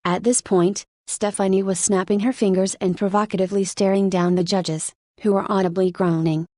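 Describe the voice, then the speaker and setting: Brief: female audiobook narrator, mid-pitched, steady measured read, dead-dry booth sound. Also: no echo. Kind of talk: scripted nonfiction narration.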